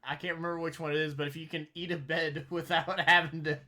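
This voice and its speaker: Bright-voiced joking man player. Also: a little high, level tone. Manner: joking, laughing, quick. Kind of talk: casual chat.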